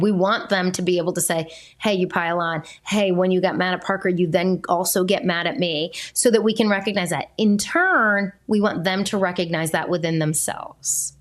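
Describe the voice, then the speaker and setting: A woman in her thirties talks through a solo podcast episode in a candid, conversational way. She explains her points plainly and easily, at a middling pitch. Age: 30s. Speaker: podcast host, parenting coach.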